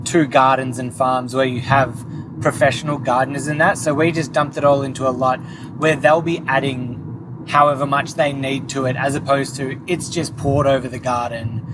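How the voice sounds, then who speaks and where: A lively man co-hosting a chat from inside a moving car, his voice mid-pitched. He talks in an animated, storytelling way. Clear road and engine noise runs behind him. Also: normal speed.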